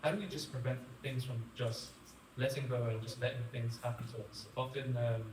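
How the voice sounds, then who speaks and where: A man in the audience asking the speaker a question in a quiet, questioning way. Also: medium pitch, steady tone, a little fast, a little hiss or hum. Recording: distant mic in an echoey hall.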